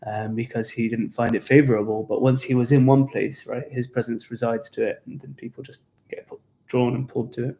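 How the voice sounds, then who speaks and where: A man's voice: medium pitch, level tone, fairly quick, vocal fry, warm tone. A young British man, a tour guide, chatting on a live stream and explaining history in a rambling way with restarts. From England. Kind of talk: casual live stream chat.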